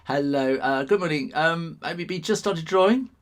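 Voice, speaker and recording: A man's voice: a little high, measured pace. Man, middle-aged, live drawing-stream host, rambling, chuckling, casual chat. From England. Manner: chatty, chuckling, rambling asides.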